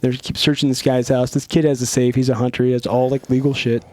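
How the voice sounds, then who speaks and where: A man from Northern California, a podcast guest telling a story in a casual, profane, animated way. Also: mid-range voice, fast talker. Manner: profane, animated, acts out dialogue.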